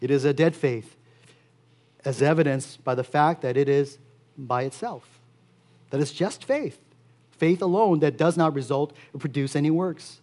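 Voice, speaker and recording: A man preaching a sermon as pastor, earnest and steady, repeating key phrases for emphasis. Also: on the high side, unhurried, pauses often.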